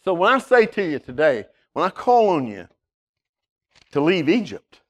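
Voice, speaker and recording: A man preaching a sermon, emphatic, swinging from loud declarations to hushed appeals and often repeating words as he starts a phrase. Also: a little high, big pitch swings, moderate pace. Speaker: pastor.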